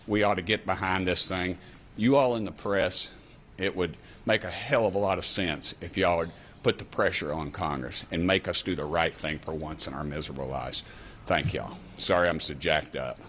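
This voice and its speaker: A man's voice: sits low, normal speed, a bit bright, a little hiss or hum. A man with an East Tennessee accent giving a folksy, exasperated rant at a press conference. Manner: folksy, exasperated, says dadgummit. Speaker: congressman giving a press speech.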